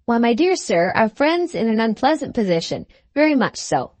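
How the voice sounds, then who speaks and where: A woman's voice: on the high side, big pitch swings, moderate pace, darkish tone, dry recording. Woman doing a fussy wheedling little lawyer. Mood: coaxing. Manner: wheedling, keeps saying "my dear sir". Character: fussy little male attorney, ingratiating.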